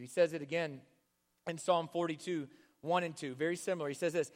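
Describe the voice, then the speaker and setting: A male pastor with a fairly high voice gives an impassioned sermon at a moderate pace, swinging from loud, urgent calls to hushed, near-whispered phrases. His words trail off in a long reverb through a large hall.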